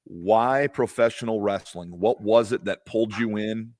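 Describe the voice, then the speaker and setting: A man's voice: on the low side, measured pace, a little mellow. A man co-hosting a wrestling podcast in a studio, asking a guest friendly questions. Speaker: podcast co-host. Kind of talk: casual interview chat.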